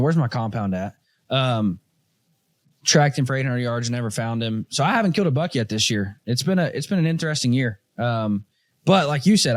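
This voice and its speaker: Dry-voiced man telling a lively story. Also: medium pitch, no echo. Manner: animated storyteller, acts out quoted voices. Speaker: podcast host. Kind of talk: casual hunting story chat.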